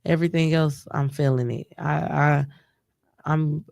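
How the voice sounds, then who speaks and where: A woman's voice: deep voice, fairly even intonation, measured pace, creaky, darkish tone, dry recording, clean studio sound. A grieving woman talking casually in a live stream chat, emotional and rambling, often restarting her sentences. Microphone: live stream mic.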